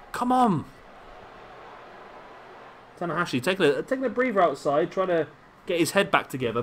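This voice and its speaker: Excitable man cheering through game commentary. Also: on the high side, a little hiss or hum. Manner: excitable, cheering the wrestlers on aloud. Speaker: gaming channel host. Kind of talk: let's-play wrestling game commentary.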